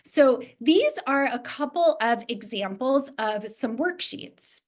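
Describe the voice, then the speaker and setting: A woman walks fellow teachers through a reading lesson, patient and explanatory. Her voice sits a little high for a woman, and she demonstrates each step aloud as she goes. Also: lively intonation, slow. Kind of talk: teacher training presentation.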